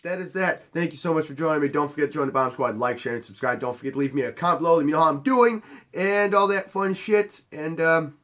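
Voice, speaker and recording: A man's voice: on the high side, quick pace, a bit bright. Bouncer guy spinning a bar story, cocky and swearing a lot, casual chat. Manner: cocky, profane and swaggering. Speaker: bar bouncer and head of security.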